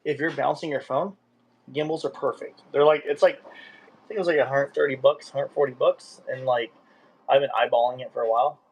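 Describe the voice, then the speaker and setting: Rambling gravelly man in casual chat. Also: fairly quick. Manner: rambling, animated, voice jumps high when excited. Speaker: live streamer.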